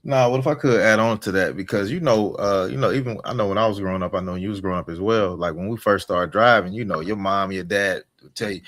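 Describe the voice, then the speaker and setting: A man's voice: lowish voice, animated, a little fast, fairly bright tone, no room sound, studio quality. A man co-hosting a podcast, talking emphatically in casual chat. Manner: emphatic, keeps saying "you know what I'm saying". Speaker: podcast co-host.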